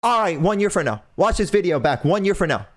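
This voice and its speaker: A man's voice: high-pitched, sing-song, brisk. A young man hosting a podcast, delivering an impassioned, preachy rant and repeating phrases for emphasis. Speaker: podcast host.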